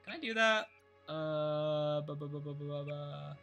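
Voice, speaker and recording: A man's voice: on the high side, measured pace, creaky, fairly bright tone, soft background music. A young man streaming a game live, rambling casually to himself and swearing when things go wrong. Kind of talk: casual live gameplay commentary.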